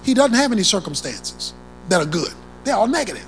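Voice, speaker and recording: A preacher delivers a sermon with a lively voice that leaps up and drops low. Key phrases come back again and again for emphasis, and loud declarations give way to hushed asides. Faint music plays underneath. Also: fairly quick, poor audio.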